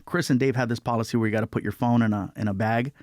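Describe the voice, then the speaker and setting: A man's voice: mid-range voice, very fast, no echo, studio quality. A man, a comedian guest, telling a story in casual chat and acting out the other people's lines in put-on voices. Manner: animated, acts out quotes in put-on voices.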